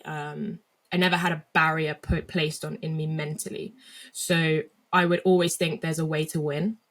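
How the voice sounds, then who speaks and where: A woman's voice: low voice, fairly bright tone. A young woman from England speaking as an interview guest. She tells her story reflectively, with frequent fillers and restarts. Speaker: guest athlete.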